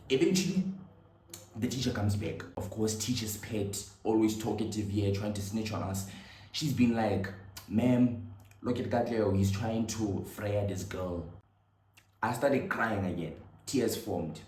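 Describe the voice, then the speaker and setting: Young man, low dark voice, loud-to-hushed storyteller, roomy echo. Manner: animated, slangy, swings from loud to hushed. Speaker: vlogger. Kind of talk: storytelling monologue. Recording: echoey room with faint ambience.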